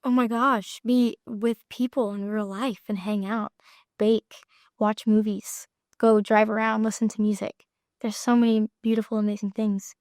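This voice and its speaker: An actress chatting as an interview guest, giggling often and trailing off with lots of fillers. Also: female voice, mid-range voice, flat delivery, normal speed, a little mellow, no room sound, studio quality. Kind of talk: casual interview chat.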